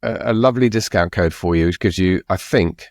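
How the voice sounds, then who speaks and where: Deep guy cohosting a writers podcast, jokey, rambly, dry mic. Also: fairly quick, a little mellow, no echo. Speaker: podcast co-host. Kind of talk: casual chat.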